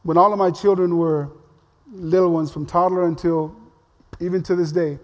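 A man's voice: sits high, steady tone, normal speed, darkish tone. An older man, a pastor, giving a sermon in a casual, humorous storytelling way. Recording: long reverb of a large hall.

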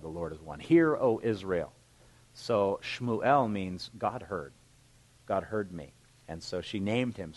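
Lower-voiced pastor preaching conversationally. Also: male voice, low-quality recording. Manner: reads scripture then explains it conversationally. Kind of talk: sermon.

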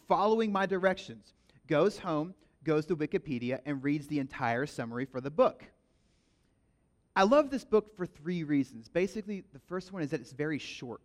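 An animated man preaching a sermon, jumping into stories with emphatic energy. His voice is on the higher side for a man, and he leans hard into his big moments. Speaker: pastor. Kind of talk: sermon with storytelling.

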